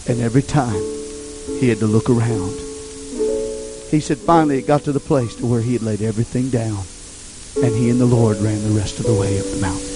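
A man's voice: medium pitch, rough recording. A man preaching a sermon and telling a story with passion and many repetitions.

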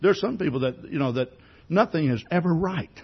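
A man's voice: on the high side, expressive, brisk, creaky, husky, muffled recording. A man preaching a sermon in a conversational way, asking many rhetorical questions and often repeating words as he starts a sentence. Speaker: pastor.

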